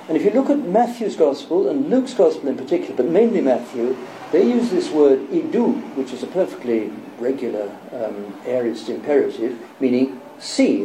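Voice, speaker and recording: A man's voice: on the high side, dark tone, roomy sound, a little hiss or hum, low-quality recording. A man giving a talk on Bible translation, wry and self-deprecating, thinking aloud as he goes. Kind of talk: public lecture to an audience.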